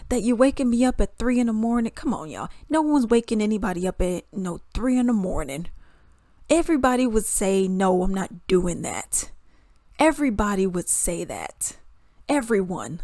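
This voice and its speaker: A woman giving a casual commentary rant to her viewers. She sounds animated and exasperated and laughs between points. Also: on the high side, normal speed, no echo. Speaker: commentary vlogger.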